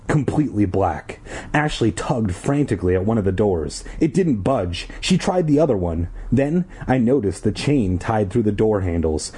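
A man's voice: fairly low pitch, mellow, breathy edge. A man from Southern California casually reading a children's horror book aloud, with dry joking asides. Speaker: story reader.

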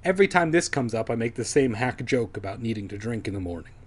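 A man's voice: medium pitch, lively intonation, fast talker. A man reading a children's horror book aloud for comedy, with irreverent, swearing asides. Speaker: reader.

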